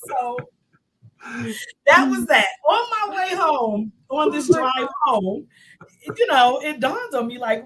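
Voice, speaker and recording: Woman in her fifties, guest author, casual storytelling, lively and laughing, slightly high voice. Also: slow pace, long pauses, poor audio. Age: 50s. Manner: lively, laughing, says y'all often.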